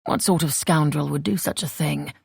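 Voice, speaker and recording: A woman's voice: normal speed, vocal fry, a little mellow, breathy edge, no room sound, studio quality, full character voice. A woman reading an amused, charming suitor. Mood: teasing. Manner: teasing, low-key. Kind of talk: audiobook character reading.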